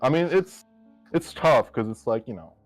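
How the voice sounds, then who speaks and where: A man's voice: medium pitch, expressive, normal speed, faint music behind. Wordy argumentative man on a call. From Polish family. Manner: argumentative, wordy, self-mocking. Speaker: guest. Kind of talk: casual debate chat on a stream.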